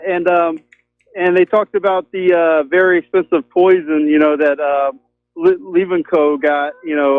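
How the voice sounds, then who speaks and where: A male caller talks in a fairly high voice over a tinny, narrow phone line. He rambles loosely and fills his speech with ums and you-knows. The sound is dry and close. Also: no echo. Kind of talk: casual call-in chat. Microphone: telephone.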